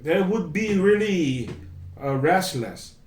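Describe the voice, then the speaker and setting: In an echoey room, heard from a distance, a man with a Brazilian Portuguese accent leads a casual English conversation class. His voice sits high and expressive at a slow pace as he chats, repeats his phrases, and acts out the lines people say to him.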